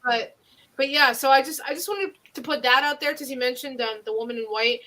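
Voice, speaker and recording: A woman with a Northeastern Pennsylvania accent tells local ghost stories on a podcast. Her high, bright voice runs on through loose, rambling sentences full of fillers and restarts. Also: a little fast. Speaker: podcast host. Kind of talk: casual ghost-story chat.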